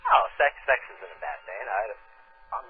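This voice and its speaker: A man's voice: on the low side, big pitch swings, normal speed, slight background noise. A 19-year-old man, hesitant and casual, calling in to a radio show over a tinny phone line. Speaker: guest caller.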